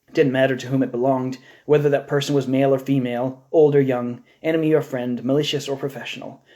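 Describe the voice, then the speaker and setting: A man reads a novel aloud live, keeping a steady, measured pace. His voice is mellow and warm, sitting at an ordinary pitch. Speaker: novel reader. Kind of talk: live audiobook reading.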